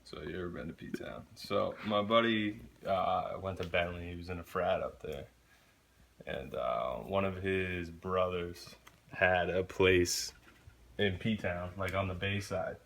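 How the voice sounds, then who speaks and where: A man's voice: low-pitched, steady tone, unhurried, gravelly, a bit bright, slight background noise. A young man telling a story in casual chat, laid-back, swearing often and laughing along.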